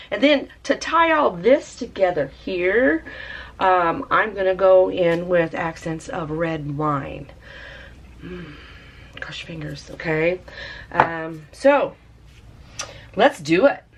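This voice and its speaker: Slow, rambling woman crafting. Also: fairly low pitch. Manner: chatty, rambling, many fillers. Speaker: tie dye crafter. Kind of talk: casual craft demo. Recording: faint background noise.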